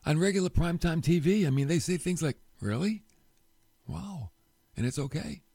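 A man's voice: on the high side, fast, warm tone, no room sound. An older man delivering a conversational sermon as a pastor. He speaks emphatically and folksily, with joking asides.

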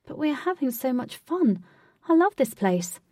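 A woman's voice: sits high, very animated, normal speed, warm tone, dry recording, studio quality, distant mic, voice pushed up. A woman voicing Katy, an impatient, cheeky young woman who loves to party, in a storybook reading. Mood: bratty. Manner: bratty, impatient, giggly.

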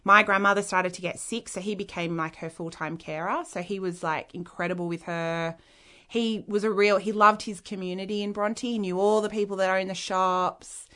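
A woman's voice: mid-range voice, steady tone, moderate pace, fairly bright tone. Frank Australian woman telling her story. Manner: rambling and frank, heavy use of "like" fillers. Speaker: interview guest. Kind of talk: candid personal storytelling.

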